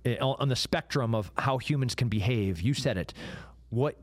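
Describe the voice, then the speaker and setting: A man hosting a podcast interview in a measured, emphatic way. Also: medium pitch, dry recording. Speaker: podcast host. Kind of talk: casual interview chat.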